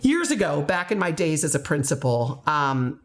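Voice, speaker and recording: Middle-aged American woman, former school principal; earnest storyteller with a lively, swooping delivery. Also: sits low, normal speed. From United States. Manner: earnest, emphatic storytelling with rising exclamations. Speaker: education company founder, former principal. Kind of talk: personal story to camera.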